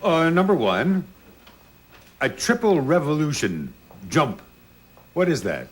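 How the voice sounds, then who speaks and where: A man's voice: a little high, wildly swooping pitch, takes it slowly, slightly rough. A man on a game show panel, asking questions in a dry, wry way. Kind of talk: quiz questioning.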